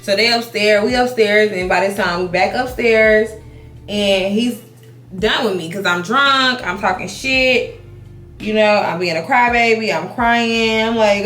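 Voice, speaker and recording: A woman in her thirties telling a casual storytime while doing her makeup, animated, swearing, restarting her sentences. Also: mid-range voice, normal speed, roomy sound, faint music behind. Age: 30s. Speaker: beauty vlogger. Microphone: compact camera mic.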